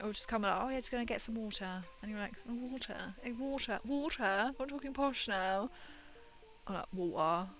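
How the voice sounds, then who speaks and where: A woman's voice: mid-range voice, bright, forceful tone. A young woman chatting casually on her livestream, giggling often and dropping her consonants. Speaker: streamer. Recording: muffled stream audio with faint music.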